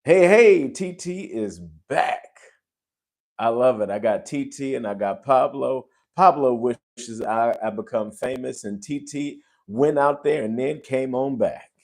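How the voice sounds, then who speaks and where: A man hosting a casual livestream chat, effusive and gushing, breaking into sudden loud exclamations. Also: mid-range voice, unhurried, hardly any pauses. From United States. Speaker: host.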